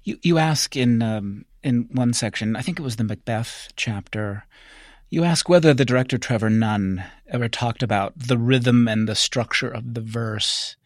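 A man's voice: medium pitch, normal speed, no echo, clean studio sound. A man hosting an interview, introducing his guest and asking long questions in a friendly, chatty way. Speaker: interviewer, host.

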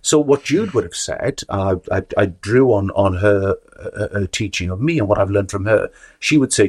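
Husky low-voiced man, thoughtful guest. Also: moderate pace, hardly any pauses. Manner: thoughtful, hesitant, repeats words while searching for phrasing. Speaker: actor and teacher, interview guest. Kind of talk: reflective conversational interview.

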